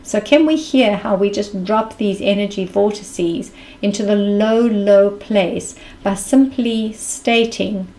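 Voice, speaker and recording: A woman's voice: mid-range voice, takes it slowly, warm tone, poor audio. A woman with a South African accent giving a reflective mindfulness talk as a spiritual speaker, earnest and thinking aloud.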